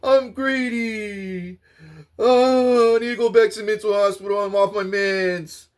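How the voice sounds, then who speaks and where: A man's voice: high voice, fairly even intonation, unhurried, clean tone. A man voicing a crude, greedy stranger who whines and pleads in panic. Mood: panicked. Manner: frantic, profane, whiny.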